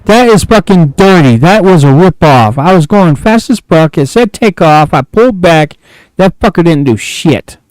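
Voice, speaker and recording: A man's voice: fairly high pitch, expressive, moderate pace, a little mellow, no echo, low-quality recording. A man streaming a flight game, grumbling and cursing in frustration as he plays. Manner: frustrated, profane, grumbling to himself. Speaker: gaming streamer. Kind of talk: casual gameplay commentary.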